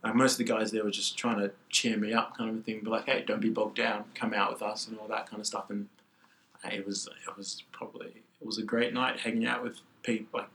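A man's voice: on the low side, little pitch movement, quick pace, a bit bright. A young man talking as a guest in casual chat, laid-back and rambling, filling his talk with "like". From Australia. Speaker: guest athlete.

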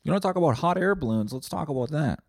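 A man's voice: a little high, expressive, quick pace, vocal fry, dry recording, clean studio sound. A man hosting a comedy podcast, rambling from tangent to tangent with plenty of swearing. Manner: rambling, profane, tangent-hopping. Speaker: podcast host.

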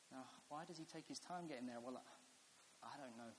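A man's voice: mid-range voice, moderate pace. A man, preaching a sermon in a chatty storytelling way that builds to earnest reflection. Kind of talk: sermon with personal stories. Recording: echoey hall with faint hiss.

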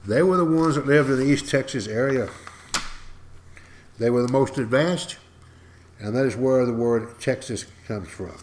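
A man giving a podcast history lecture as a folksy, dramatic storyteller who keeps turning to speak directly to his listeners. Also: mid-range voice.

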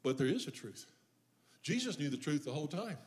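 A man's voice: on the high side, very animated, fairly quick. An older man preaching a sermon as pastor, joking and folksy between scripture readings. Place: church.

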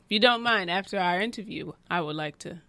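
A woman plays a Jamaican dog walker interviewing for a circus job, eager and salesy, stretching out her lists. The voice is bright and forceful, and it sounds close and dry with no room around it. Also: fairly low pitch, fairly quick, dry recording. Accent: put-on Jamaican.

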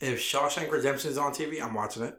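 A man co-hosting a podcast, chatting casually and acting out what people said to him in animated stories. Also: mid-range voice, quick pace, roomy sound. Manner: animated storyteller, acts out quoted exchanges. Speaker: podcast co-host. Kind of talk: casual chat.

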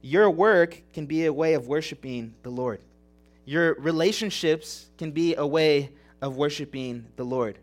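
A man's voice: fairly high pitch, a little slow, faint music behind. A young man preaching a sermon as pastor, earnest and emotional, repeating phrases and asking rhetorical questions. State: tearing up.

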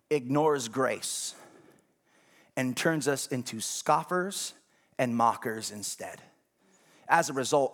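A man's voice: mid-range voice, a bit bright. A man preaching a sermon as pastor, speaking conversationally and often checking whether the congregation is following.

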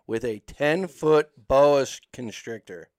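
A man's voice: medium pitch, takes it slowly, a little mellow, dry recording. Profane storytelling man, dry sound. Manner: profane, rambling storytelling with lots of "like". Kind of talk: casual chat.

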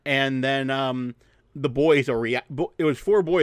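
A man in casual chat, walking through a film's plot with loose, jokey asides and mid-sentence restarts. His voice sits at an ordinary middle pitch. The recording is close and dry, with no room sound. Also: no echo. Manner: rambling, jokey, quotes scenes in quick asides. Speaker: podcast co-host. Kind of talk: casual movie recap chat.

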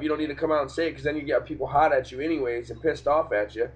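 A man's voice: on the high side, steady tone, fast talker, husky. A young man hosting a casual sports podcast, talking in a profane, ranting way about games and referees. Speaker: podcast host. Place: home room, cat nearby. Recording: dull lo-fi home podcast recording.

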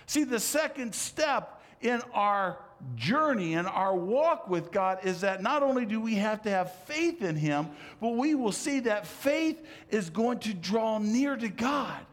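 High-voiced preaching man, impassioned. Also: lively intonation, a little slow, hardly any pauses. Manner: impassioned preaching, swinging from loud emphatic calls to soft low asides. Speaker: pastor. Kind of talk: sermon.

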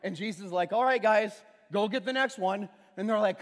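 A man preaching a sermon to a congregation, telling the story with lively acted-out voices and a prop. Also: high-pitched, brisk. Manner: animated storytelling, acts out characters and uses a prop. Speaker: pastor. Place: church sanctuary with audience. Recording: church hall with long reverb.

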